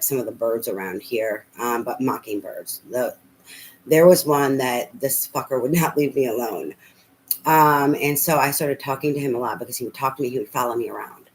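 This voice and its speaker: A woman's voice: rumbling low, slight background noise, low-quality recording. A middle-aged woman telling a rambling personal story as a tarot reader, full of fillers and casual swearing.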